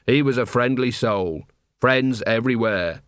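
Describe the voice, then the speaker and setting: A man's voice: mid-range voice, no room sound, clean studio sound, natural voice. Boffo, a man doing a mumbling nervous clown. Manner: slow and mumbling. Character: mournful, nervous male clown.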